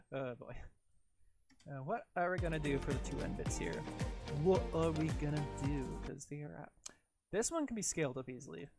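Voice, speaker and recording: A man's voice: on the high side, animated, moderate pace, a little mellow, breathy edge, soft background music. A man with a Canadian accent chatting casually on a livestream while he edits video, rambling, full of "like" fillers and talking to himself as he works.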